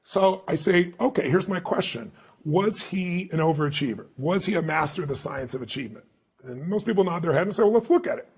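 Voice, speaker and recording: A man being interviewed as an author, telling stories in an emphatic, animated way and acting out the dialogue. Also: fairly high pitch, fairly quick, slight background noise. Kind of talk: interview storytelling.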